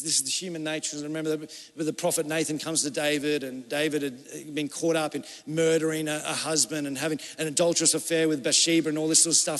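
A male pastor preaching a sermon with passion, rising to urgent appeals and dropping to hushed, pleading tones. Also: on the high side, long reverb tail.

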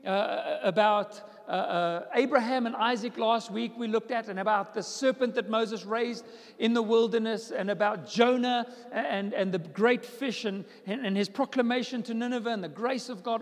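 A man's voice: very high voice, long reverb tail. A man, a pastor, preaching a sermon with emphatic repetition.

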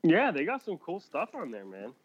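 A man's voice: on the high side, wildly swooping pitch, normal speed, slightly rough, muffled recording. A man co-hosting a casual podcast, rambling with restarts and laughing often. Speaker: podcast co-host. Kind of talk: casual chat.

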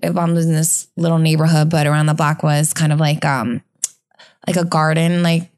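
Chatty woman with a lowish voice. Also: fairly even intonation, moderate pace, darkish tone. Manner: chatty, rambling, many fillers. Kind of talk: casual storytelling chat.

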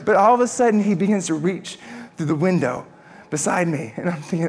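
High-voiced pastor telling a story. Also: male voice, normal speed. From Texas. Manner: storytelling, animated and humorous. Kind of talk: sermon with personal story.

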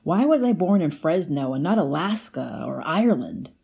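Woman reading a literary piece aloud, lowish voice, warm and soft-edged, steady pace. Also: vocal fry, slightly rough. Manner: measured, lifts pitch for quoted lines. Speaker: guest reader.

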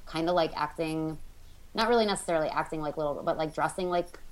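Low-voiced woman, rambling podcast chat. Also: fast talker, low-quality recording. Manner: rambling, filler-heavy. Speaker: podcast co-host. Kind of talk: casual discussion.

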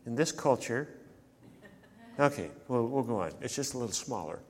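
A man's voice: mid-range voice, lively intonation, normal speed, darkish tone, slightly rough. A man delivering a sermon as a pastor, talking conversationally and putting rhetorical questions to the congregation. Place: church. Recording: church sanctuary with long reverb.

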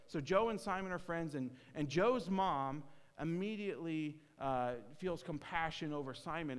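A man preaching a sermon, telling a story earnestly and often restarting his phrases. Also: on the high side. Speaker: pastor. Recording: hall reverb.

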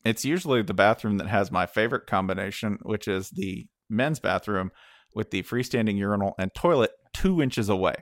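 A man's voice: fairly low pitch, a little fast, dry recording, studio quality. A man co-hosting a comedy podcast, telling a story and acting out the voices in it. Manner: animated storytelling, acts out voices. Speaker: podcast co-host. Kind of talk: comedic casual chat.

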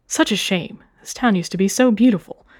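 A woman's voice: mid-range voice, a little fast, a little mellow, natural voice. A woman doing a smug raccoon businessman. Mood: mock sorrow.

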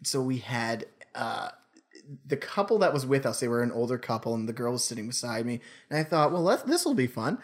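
A man's voice: medium pitch, brisk. A man in easygoing podcast banter, with an everyday mid-range voice. He rambles through stories in a playful way and keeps dropping into silly impressions. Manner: storytelling, playful, puts on accents. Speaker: podcast co-host. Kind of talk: casual comedic chat.

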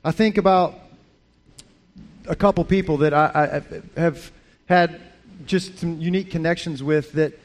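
A man preaching as a pastor, talking in a lively, conversational way with frequent restarts. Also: on the high side, measured pace, long pauses. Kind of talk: sermon.

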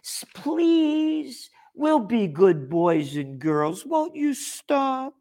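A man's voice: very high voice, very animated, very slow, warm tone, pitched above the performer's own voice, exaggerated voice. A man voicing a meek citizen who whines and pleads to be left alone. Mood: pleading. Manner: whiny, pleading.

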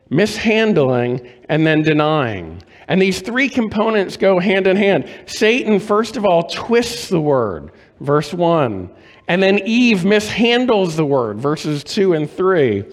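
A male pastor preaches at an unhurried, deliberate pace, pausing on rhetorical questions. His voice sits a little high for a man. The sound carries the long reverb of a church sanctuary. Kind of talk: sermon.

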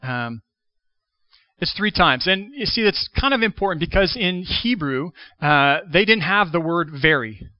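A man preaching a sermon in a slightly high voice. He speaks in a conversational, thinking-aloud way, with restarts and asides. The sound is dry and a little dull. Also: expressive, moderate pace, hardly any pauses, no room sound. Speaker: pastor. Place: church sanctuary.

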